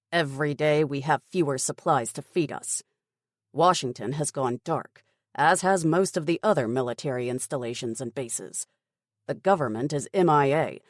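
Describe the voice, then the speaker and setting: Woman doing a stern, brisk army major. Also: sits low, no echo, studio quality. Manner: clipped, firm, dismissive. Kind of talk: audiobook character voice.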